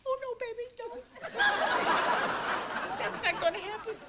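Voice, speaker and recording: Brief: high-voiced, wisecracking single mom with a dramatic streak, over loud hiss. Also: female voice, unhurried, over a noisy crowd. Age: middle-aged. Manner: sarcastic, theatrical outbursts. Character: sharp-tongued single mother, fed up and dramatic. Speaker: mother of three. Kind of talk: sitcom acting. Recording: loud noisy TV recording.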